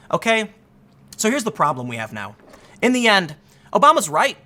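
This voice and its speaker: A man giving solo political commentary in an animated, sarcastic way, rambling with frequent restarts. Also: high voice, brisk.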